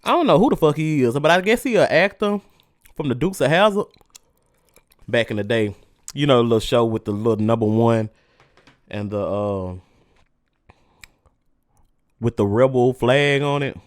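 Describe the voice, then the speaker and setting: A man's voice: mid-range voice, animated, normal speed, long pauses, no echo. A man hosting a solo podcast, ranting casually and profanely with heated energy while his mouth burns from spicy food. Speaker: podcast host.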